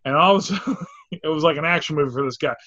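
A man telling a story in casual chat, animated and acting out the quotes with exclamations. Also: on the high side, racing, no room sound. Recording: dull lo-fi dry recording.

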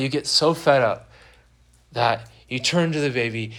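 A man's voice: mid-range voice, normal speed, pushed and bright. Young male preacher, easygoing sermon delivery, plays out quotes for laughs, church setting. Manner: conversational, joking preaching with acted-out quotes. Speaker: pastor. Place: church sanctuary.

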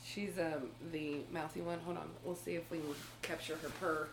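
A woman co-hosting a podcast, telling a story in a casual, animated way with frequent laughs and swearing. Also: low voice, moderate pace, background noise. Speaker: podcast co-host.

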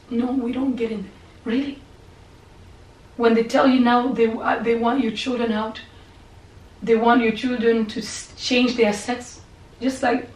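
A woman pastor preaching with passion, her voice somewhat high. She repeats herself as she presses her point, then sinks into soft, whispered prayer. The room is echoey and she is some distance from the mic, with a faint hum behind her. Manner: impassioned, repetitive, drops to soft whispered prayer. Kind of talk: sermon and prayer.

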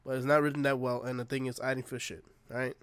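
A man's voice: medium pitch, level tone, quick pace, a bit bright. A man co-hosting a casual podcast chat, bluntly giving provocative opinions with plenty of swearing. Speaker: podcast co-host.

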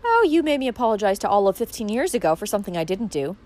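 A woman's voice: medium pitch, very animated, racing, darkish tone, natural voice. A woman reading an audiobook voices a bold young woman who speaks lightly, mockingly and defiantly to her family. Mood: breezy.

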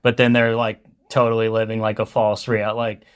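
Flat-voiced young man, casual chat. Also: lowish voice, normal speed, smooth. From Colorado. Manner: loose, rambling, heavy on fillers. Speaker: food truck owner, guest.

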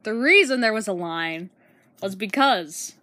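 A woman's voice: mid-range voice, expressive, measured pace, bright, forceful tone, no room sound. Young woman cohosting a podcast, chatty, laughs a lot, loses her train of thought. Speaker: podcast co-host. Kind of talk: casual chat.

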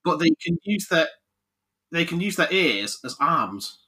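A man chats casually about games in a very bright, tense voice, with lively ups and downs. He jokes and laughs often, like an animated podcast host. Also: a little high, a little slow, husky. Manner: animated, jokey, laughs a lot. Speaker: podcast host, game reviewer. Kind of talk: casual chat.

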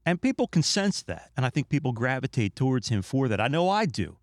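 A man's voice: mid-range voice, fairly quick, no room sound. Emphatic middle-aged man, dry close mic. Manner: emphatic, animated, opinionated. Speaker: podcast host. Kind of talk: casual monologue.

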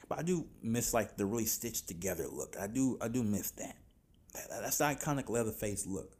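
Animated, profane man ranting about films. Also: lowish voice. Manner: animated, profane, exasperated, slangy. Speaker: podcast host reviewing films. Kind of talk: casual rant review.

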